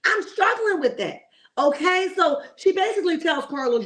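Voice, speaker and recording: A woman's voice: very high voice, big pitch swings, moderate pace, fairly bright tone. A woman hosting a casual reality TV commentary livestream, opinionated and chatty, greeting viewers in the chat and checking in with "okay?".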